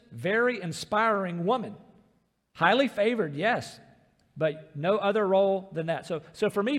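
A man preaching a sermon as pastor, earnest and emphatic, often repeating words as he presses a point. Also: sits high. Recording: long reverb in a large hall.

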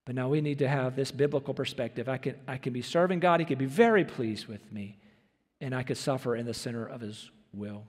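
A man's voice: medium pitch, fairly quick, big-room sound. A man preaching a sermon as pastor, earnest and emphatic, asking his listeners questions.

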